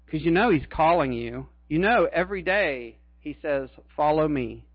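A man's voice: on the high side, lively intonation, normal speed, no echo, lo-fi sound. A middle-aged man preaching a sermon as a pastor, earnest and emphatic, repeating his key phrases.

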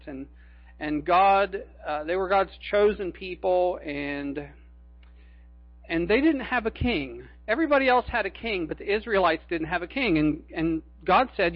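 A man's voice: high-pitched, no echo, muffled recording. A man preaching a sermon in a conversational, folksy way, with homey jokes between the scripture.

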